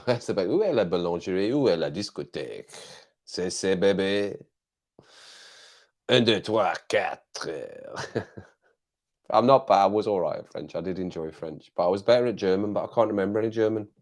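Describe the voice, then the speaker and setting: A man's voice: low voice, fairly quick, a little mellow. A man hosting a casual live chat, playful and chuckling often as he tries out phrases. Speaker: livestream host.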